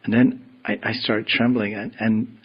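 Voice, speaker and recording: A man giving a devotional scripture class, telling stories in a slow, meditative way. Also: lowish voice, flat delivery, husky, muffled recording. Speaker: spiritual teacher.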